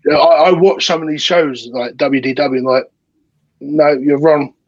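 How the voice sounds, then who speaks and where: Husky English man on a dull, dry line. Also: fairly high pitch, fairly quick, no room sound. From England. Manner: chatty, eager, repeats "you know". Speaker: guest. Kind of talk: casual chat.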